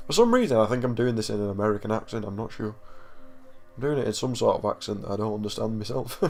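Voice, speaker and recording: A man's voice: lowish voice, brisk. A young man who plays a horror text adventure on his channel, reading the game's text dramatically and breaking off into jokey asides and laughter. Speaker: gaming YouTuber.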